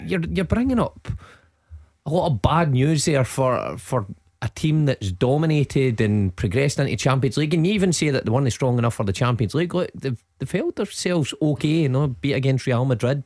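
Male radio pundit, earnest, mid-pitched, dry studio sound. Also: expressive, moderate pace, a little mellow, no room sound. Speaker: radio co-host. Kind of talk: radio phone-in discussion. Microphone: studio mic.

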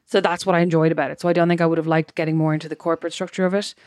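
A woman's voice: sits low, level tone, rapid-fire, darkish tone, no room sound, clean studio sound. An Irish woman co-hosting a podcast, chatting casually and rambling through personal anecdotes. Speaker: podcast co-host. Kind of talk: casual chat.

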